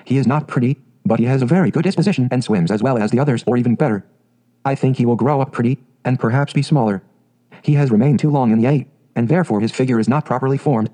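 A man voicing a fretful, prim mother duck in a storybook reading, with a mellow voice. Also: mid-range voice, fast talker, lightly acted. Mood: defensive. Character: fussy proud mother duck.

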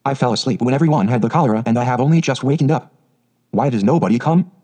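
A haughty, contrary little girl from a storybook, stiff and snappish in every word, as a man reads her lines. The voice stays mellow and soft-edged, at an everyday middle pitch. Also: fast talker, lightly acted. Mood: sulky. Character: sulky imperious little girl, self-absorbed.

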